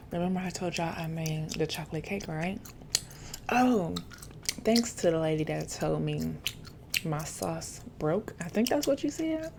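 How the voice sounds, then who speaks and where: A woman chatting softly to her viewers late at night, chewing gum and rambling, sometimes dropping into a whisper. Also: medium pitch, creaky, noisy background. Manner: drifts into whispers at times. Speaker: ASMR creator. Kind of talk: late-night soft-spoken ASMR chat. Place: home setup, camera placed far away.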